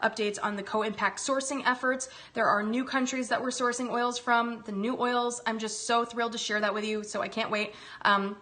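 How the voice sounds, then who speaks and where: A woman's voice: a little high, steady tone, moderate pace, pushed and bright. A woman hosting a casual live cooking demo, upbeat and gushing with chatty asides. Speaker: host demonstrating a recipe.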